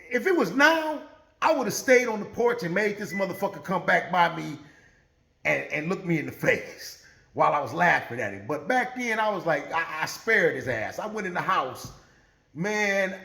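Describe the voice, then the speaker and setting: A man's voice: sits high, vocal fry. A man telling a true story in a casual, profane, laughing way, with roomy echo. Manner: profane, animated, laughing often.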